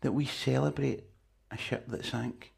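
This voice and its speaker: A man's voice: medium pitch, steady tone, a little slow, creaky, a little mellow, husky. A man preaching a sermon in a chatty, conversational way, with asides to the congregation.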